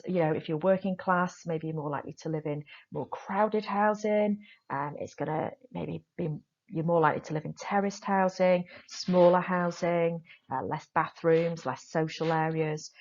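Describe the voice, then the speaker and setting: A woman drama teacher explaining a lesson to her students, stressing the key points with lively emphasis. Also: fairly low pitch, dull audio. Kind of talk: recorded classroom lesson.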